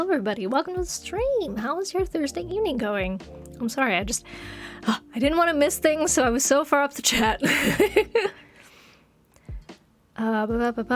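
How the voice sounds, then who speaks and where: A woman streamer chatting casually with her viewers, giggling often and getting excited as she reads the chat. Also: high voice. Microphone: desk microphone.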